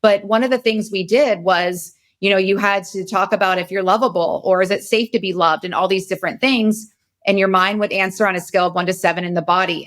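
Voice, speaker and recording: A podcast host in her forties, with a fairly low-pitched yet fairly bright voice, tells a personal story in a candid, emotional, rambling way. She sounds very tired.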